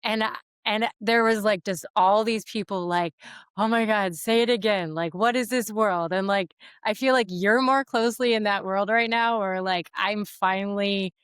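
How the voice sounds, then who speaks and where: A woman in her thirties hosting a podcast, chatting casually, expressive and laughing as she acts out quotes. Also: mid-range voice, normal speed, clear, resonant tone, no room sound, clean studio sound. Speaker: podcast host. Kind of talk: casual conversational interview.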